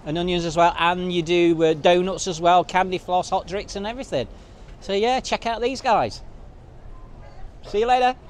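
A chatty man with a slightly high voice, vlogging casually to a handheld camera outdoors. He rambles with lots of filler words while faint street and traffic noise hums behind him. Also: steady tone, moderate pace. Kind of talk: casual walking vlog. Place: outdoors at a seaside resort street.

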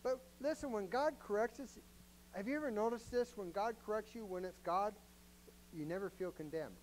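A man's voice: high voice, moderate pace, a little hiss or hum, low-quality recording. Joking, conversational male pastor preaching. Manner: conversational, joking, asks the congregation questions. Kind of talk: sermon.

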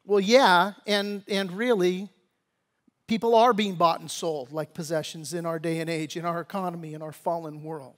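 A pastor preaches a sermon at a normal speed in a steady tone, reading scripture and dropping into casual, slangy asides. His conversational delivery grows louder, higher and more pressing when he exhorts.

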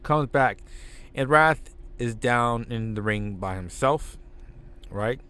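Brief: man narrating a wrestling sim, loose and slow-paced. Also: medium pitch, lively intonation, bright, forceful tone, smooth. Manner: loose, self-correcting storytelling. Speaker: game narrator.

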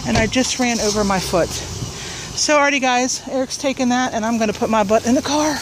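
Against a noisy background in a parking lot outdoors, a woman talks fast in a fairly high-pitched voice. She rambles casually through a haul vlog, a bit out of breath, with plenty of fillers and restarts.

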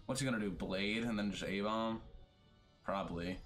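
Low-voiced, profane gaming streamer. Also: male voice, moderate pace, fairly bright tone, faint music behind. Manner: profane, trash-talking, complains about bad luck. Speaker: streamer playing a card battle game. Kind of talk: casual gameplay commentary.

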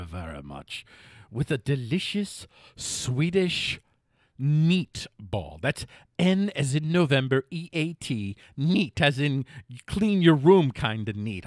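A man's voice: fairly high pitch, sharp tone, dry recording. A middle-aged man hosts a casual news commentary show, his voice swinging widely up and down as he reads headlines. He keeps cutting in with jokey, self-mocking asides, stumbling and restarting now and then. The sound is close and dry, with no room around it.

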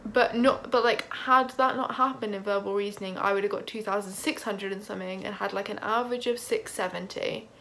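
A young woman vlogging, casually retelling a stressful experience in an animated way, full of "like" and acted-out quotes. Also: mid-range voice, fairly quick, vocal fry, few pauses, a little hiss or hum. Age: young adult. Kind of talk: casual storytelling vlog.

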